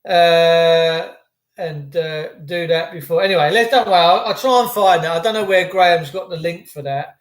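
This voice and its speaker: A man's voice: fairly high pitch, moderate pace, echoey room. A man hosting a casual livestream, chatting and bantering with viewers in a rambling way. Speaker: livestream host.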